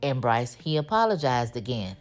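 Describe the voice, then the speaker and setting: A TV recap host with a rumbling low, very animated voice gives a casual, sassy rundown of an episode at normal speed, acting out the characters' lines in a chatty way. Soft background music plays.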